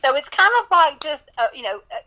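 Woman, interview guest, bright ringing voice, rambling chatty delivery. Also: sits high, lively intonation, fast talker, low-quality recording. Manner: warm, chatty, many fillers and laughs. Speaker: guest singer-songwriter. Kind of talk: casual interview chat.

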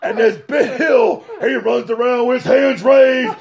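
High gravelly excitable man. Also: a little slow, a crowd in the background, background noise. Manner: excitable, acts out scenes with shouts and laughter. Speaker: guest. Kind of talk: animated storytelling in casual chat.

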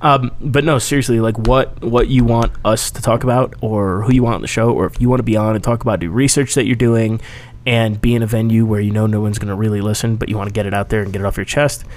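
A man's voice: lowish voice, fast talker, slight background noise. A man co-hosting a podcast, telling stories in casual crude banter, swearing and laughing often. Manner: animated storyteller, swears freely, laughs often. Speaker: podcast co-host.

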